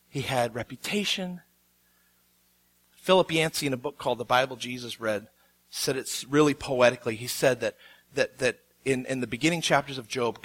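A man in his thirties preaching a sermon, telling a story with animated quotes. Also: medium pitch. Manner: animated storytelling, acts out quotes with rising intensity. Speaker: pastor.

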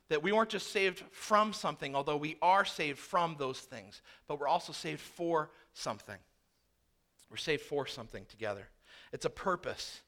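A male pastor in his thirties delivers a sermon in a lively storytelling manner, slipping into the voices of the people in his anecdotes. His voice sits high and sounds bright. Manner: animated storytelling, acting out dialogue. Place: church.

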